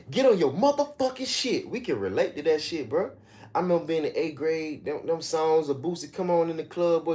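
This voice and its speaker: A man hosting a livestream delivers casual commentary as animated, profane, mocking rants, breaking now and then into sudden high-pitched outbursts.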